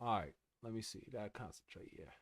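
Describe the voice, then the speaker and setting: A man's voice: lowish voice, fast talker, dry recording, clean studio sound. A young man chatting casually with his live-stream viewers, laid-back and slangy, calling them bro and y'all. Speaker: music producer streamer.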